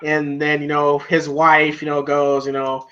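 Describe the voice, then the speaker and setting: A man co-hosting a casual movie review chat. He rambles, fills every pause with "you know" and swears freely. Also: fairly high pitch, monotone, bright, forceful tone. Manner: rambling, heavy on "you know" fillers, profane. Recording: dull lo-fi recording.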